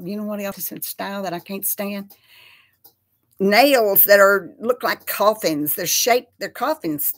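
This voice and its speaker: A middle-aged woman with a Texas accent, chatting casually with viewers on a live stream and calling them y'all. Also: mid-range voice. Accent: Texan. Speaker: host of a live chat.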